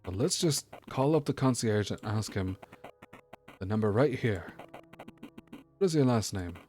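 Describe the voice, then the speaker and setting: A man's voice: lowish voice, animated, measured pace, a little mellow, faint music behind. A man voicing a suspicious, prying elderly male neighbor in a video game, reading the dialogue aloud. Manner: prying, indignant, blustering threats.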